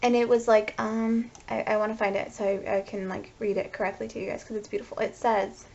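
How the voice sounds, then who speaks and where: A woman's voice: medium pitch, little pitch movement, fairly quick, darkish tone, highs cut off. A woman giving a tarot card reading, gushing and speaking straight to her viewers. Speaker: tarot reader.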